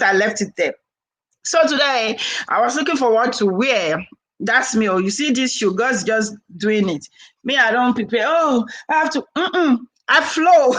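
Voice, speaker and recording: Lady in her 40s vlogging, bright forceful voice, lively storytelling with laughs. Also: on the high side, rough recording. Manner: animated, laughing, acts out quoted dialogue. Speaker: vlogger and herbal seller. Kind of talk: casual chat to camera.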